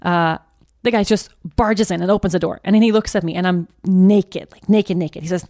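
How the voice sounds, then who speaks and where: A young adult woman hosting a podcast, telling a personal story in a halting way, often restarting and repeating herself. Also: on the low side, steady tone, dark tone, no room sound, studio quality. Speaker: podcast host.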